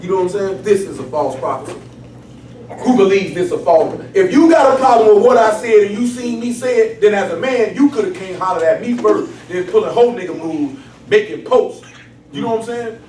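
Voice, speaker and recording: Fast, high-voiced man preaching. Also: roomy sound, recorded from a distance, a little hiss or hum. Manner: animated, streetwise, keeps asking "you know what I'm saying". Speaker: Bible study teacher. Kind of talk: casual preaching to a small group.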